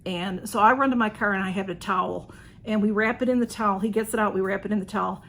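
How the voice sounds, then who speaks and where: A woman telling a story in a casual, excited way, with many restarts and fillers. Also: medium pitch, quick pace. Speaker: channel host.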